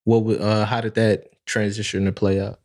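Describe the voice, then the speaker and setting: A man's voice: fairly low pitch, little pitch movement, normal speed, a little mellow. A man interviewing in a casual podcast chat, encouraging and affirming, asking leading questions.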